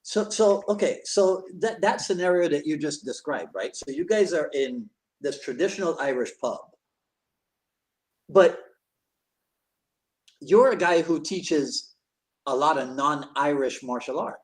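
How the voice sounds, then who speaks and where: A man hosting a casual conversation over a video call, his voice sitting a little above the usual male pitch. He asks curious questions, often stumbling and restarting before he gets to the point. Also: lively intonation, unhurried, pauses often. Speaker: podcast host. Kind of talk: casual chat.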